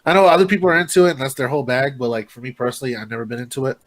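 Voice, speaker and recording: A man's voice: mid-range voice, very fast. A man co-hosting a casual chat, talking in a hesitant way with many restarts. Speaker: podcast co-host.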